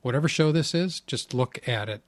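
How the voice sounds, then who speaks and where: A man's voice: medium pitch, lively intonation, normal speed. A man co-hosting a podcast in casual banter, teasing his partner and joking around. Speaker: podcast co-host.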